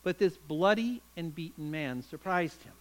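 A man's voice: fairly high pitch, expressive, normal speed, poor audio. A man preaching a sermon, retelling a story with dramatic, emphatic delivery.

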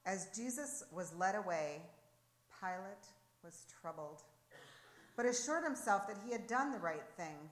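A woman reads a devotional story slowly and earnestly, with dramatic weight, and then leads a prayer. Her voice sits at a middle pitch and carries a roomy echo. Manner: earnest, slow, dramatic reading. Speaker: devotional reader leading prayer.

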